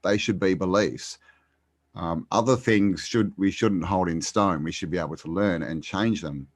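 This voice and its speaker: Man, very low voice, dry sound, hesitant, guest in casual chat. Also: moderate pace, dry recording. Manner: hesitant, many ums and restarts. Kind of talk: casual conversation.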